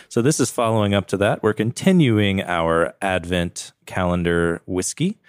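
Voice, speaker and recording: A deep-voiced man co-hosts a laid-back podcast, joking while he sips and rates whiskey. His voice sits low, and the sound is dry and close to the mic. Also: no echo. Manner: relaxed, joking, rating whiskey aloud. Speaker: podcast co-host. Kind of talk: casual chat.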